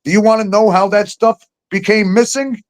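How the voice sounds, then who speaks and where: A man's voice: sits high, steady tone, moderate pace, low-quality recording. Profane ranting man, raised voice. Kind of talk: casual profane chat.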